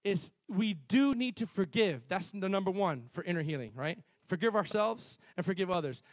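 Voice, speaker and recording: High-voiced animated male preacher. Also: moderate pace, no room sound. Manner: animated storytelling, shifting between loud emphasis and quiet asides; repeats and restarts phrases, calls on the congregation. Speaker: pastor. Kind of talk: sermon.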